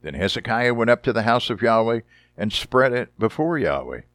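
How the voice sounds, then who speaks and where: A man preaching a sermon, reading Bible passages dramatically and deliberately and adding short wry comments. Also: mid-range voice, very animated, fairly bright tone, no echo, clean studio sound. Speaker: Bible teacher.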